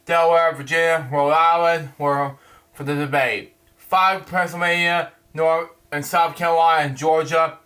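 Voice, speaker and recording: A man reviewing a comic book, reading it aloud haltingly, stumbling over words and adding his own asides. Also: on the high side, pushed and bright.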